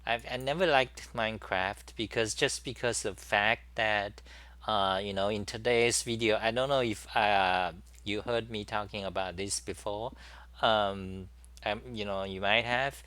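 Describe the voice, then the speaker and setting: Male host, lowish voice, slow and meandering, dry close sound. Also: fairly even intonation, sharp tone, clean tone, no room sound. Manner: rambling, many fillers and restarts. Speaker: talk show host. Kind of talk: casual rambling monologue.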